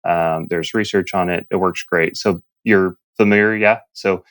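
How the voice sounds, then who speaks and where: A man who is a neurologist and a podcast guest, calmly explaining and telling stories. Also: deep voice, unhurried, no echo. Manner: calm, explanatory storytelling. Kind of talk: interview, explaining.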